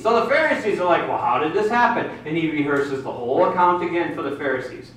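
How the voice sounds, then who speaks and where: A man's voice: on the high side, lively intonation, quick pace, hardly any pauses, a bit bright. A man preaching a sermon, retelling a Bible story and acting out the characters' voices. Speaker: pastor. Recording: very echoey hall, mic at a distance.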